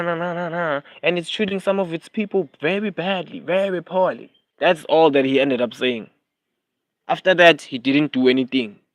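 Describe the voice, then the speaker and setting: A man's voice: fairly high pitch, no echo. A young South African man with a South African accent, ranting heatedly and repetitively on a casual livestream, slipping into Zulu phrases. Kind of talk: casual live-stream rant.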